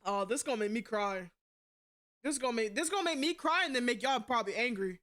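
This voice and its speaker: A young woman streaming live, talking to her chat in a loud, blunt, profane way and laughing often. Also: on the high side, expressive, fast.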